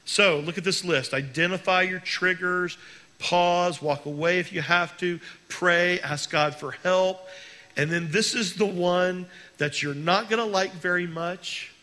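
Bright-voiced male pastor preaching. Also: sits high. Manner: earnest preaching, slows down on key words. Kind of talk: sermon.

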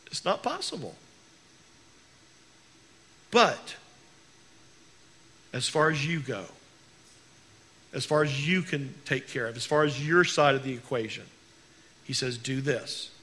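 A male pastor preaching a sermon in an earnest way, slowing down to stress key words. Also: medium pitch, expressive, a bit bright.

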